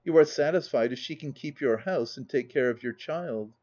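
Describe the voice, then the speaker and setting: Meek, sorrowful young wife, voiced by a male reader, storybook audiobook, soft and tremulous, mellow tone, muffled lo-fi sound. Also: medium pitch, moderate pace, close to an everyday voice. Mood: wistful.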